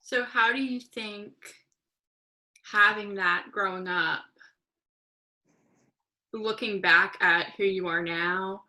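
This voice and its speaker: A woman interviewer asking a question in a slow, thoughtful way. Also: mid-range voice, steady tone, bright, forceful tone, low-quality recording.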